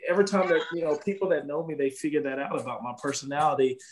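A man's voice: fairly high pitch, rapid-fire, slight background noise. A laid-back man in his thirties chatting casually in an easygoing way. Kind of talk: casual podcast chat.

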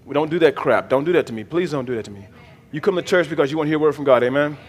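A man's voice: a little high, very fast, breathy edge, long reverb tail. A man, the bishop of his church, preaching a sermon with call-and-response and folksy jokes to the congregation. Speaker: pastor, bishop. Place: church sanctuary.

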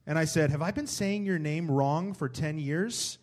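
Man, higher voice, live comedy club podcast, loud hype-man intros, teasing banter. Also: normal speed. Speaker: podcast co-host.

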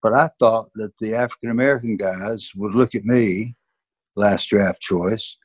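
Older Southern man, ex-coach guest, husky low voice, earnest storyteller. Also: measured pace, no echo. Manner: earnest, emphatic. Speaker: former football coach, interview guest. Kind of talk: reflective storytelling in an interview.

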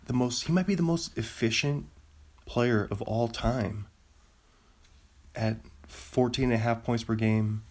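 A man's voice: medium pitch, creaky. A man making casual commentary as he looks up sports stats, thinking aloud, easily amazed, and laughing at himself. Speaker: vlogger.

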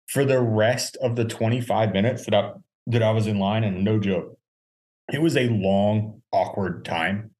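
A man co-hosting a podcast, telling casual stories with lively quoted dialogue and frequent laughter. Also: fairly low pitch, measured pace. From North Carolina. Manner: animated anecdotes, acts out quoted voices, laughs often. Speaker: podcast co-host. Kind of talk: casual chat, storytelling.

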